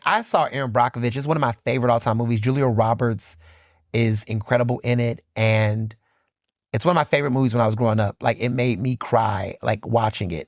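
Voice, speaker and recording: Clean, dry studio audio captures a medium-pitched man from Philadelphia hosting his own podcast. He's fired up, hammering points through repetition, swearing, and filling gaps with "like."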